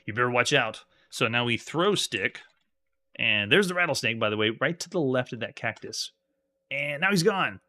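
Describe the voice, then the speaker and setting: This retro-game streamer speaks at a moderate pace in an expressive, mid-range voice with a pushed, bright quality. As he plays an old adventure game live, he reads the screen text out and talks with viewers between commands.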